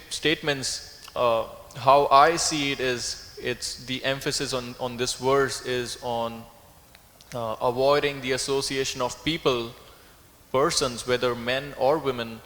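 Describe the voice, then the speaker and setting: A man's voice: medium pitch, a bit bright, in a large hall. A man speaking at a scripture class, thoughtful and searching for his words as he reasons through a point. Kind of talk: reflective class talk. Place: temple hall.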